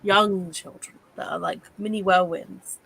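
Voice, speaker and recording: A woman's voice: medium pitch, steady tone, unhurried, creaky, fairly bright tone, a little hiss or hum, poor audio. Young woman chatting on a stream, laughs a lot, yawny. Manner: chatty, laughs often, yawning. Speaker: host of a reading sprint livestream. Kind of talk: casual livestream chat.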